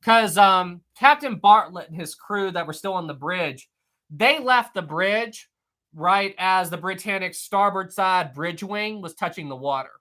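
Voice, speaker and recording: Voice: mid-range voice, animated, unhurried, pushed and bright. A live-stream host chatting casually and answering the chat, often repeating phrases.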